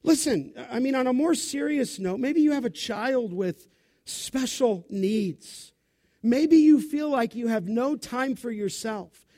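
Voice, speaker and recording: A man preaching a sermon, with an animated, expressive delivery. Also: very high-pitched, slow.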